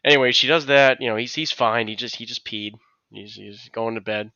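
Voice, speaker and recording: A man's voice: mid-range voice, a little fast, sharp tone, clean tone, no echo, dull audio. A man co-hosting a podcast, telling a long anecdote in casual chat, rambling with many restarts and acted-out quotes. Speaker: podcast co-host.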